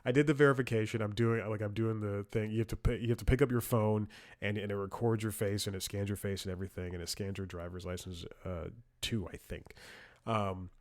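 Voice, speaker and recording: Low-voiced man telling rambling comic stories. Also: steady tone, brisk. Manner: chuckles often, restarts sentences, wry and blunt. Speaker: comedy podcast host. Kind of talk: rambling comedic storytelling and commentary.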